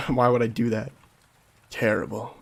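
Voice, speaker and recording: A man giving relaxed let's-play commentary, chuckling and reading dialogue aloud. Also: mid-range voice, measured pace, gravelly, slightly rough. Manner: laid-back, chuckling, reads dialogue aloud. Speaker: streamer.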